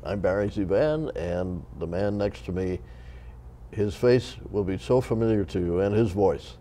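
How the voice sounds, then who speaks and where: A man hosting a TV interview show, speaking in a measured, courteous way with hesitant pauses. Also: deep voice, warm tone. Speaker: TV interview host.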